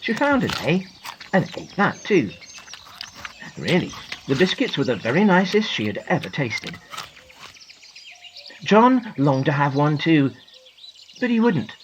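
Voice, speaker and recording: Slow, very expressive woman storyteller. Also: low voice, background noise. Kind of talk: storybook narration.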